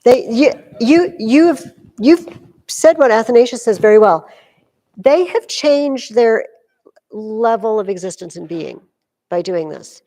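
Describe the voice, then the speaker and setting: A woman teaching a high school class, explaining with energy and acting out quotes dramatically. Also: slow, in a large hall. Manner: lively, acts out quotes dramatically. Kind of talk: classroom lecture.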